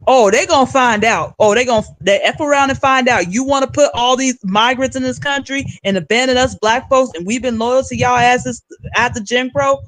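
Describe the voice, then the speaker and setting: A woman's voice: on the high side, moderate pace, no room sound, low-quality recording. A woman hosting a political commentary livestream, giving blunt, emphatic rants. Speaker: livestream host.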